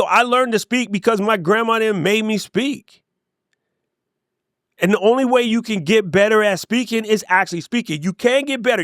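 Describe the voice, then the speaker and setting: A middle-aged man giving an energetic, conversational motivational talk to camera, with playful asides. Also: sits high, no room sound, studio quality. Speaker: YouTube creator and coach.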